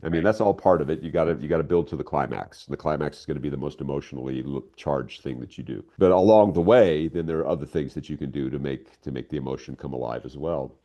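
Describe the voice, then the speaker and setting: Older guy talking excitedly in an interview, deep and warm sounding. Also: fast talker, few pauses, muffled recording. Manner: enthusiastic, animated storytelling. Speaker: guest writer. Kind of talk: casual interview talk.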